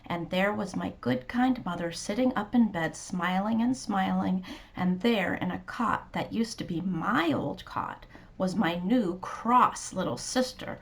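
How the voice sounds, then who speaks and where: A woman reading a children's storybook aloud in a soft, gentle, sometimes whispery manner. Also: medium pitch, a little slow, creaky.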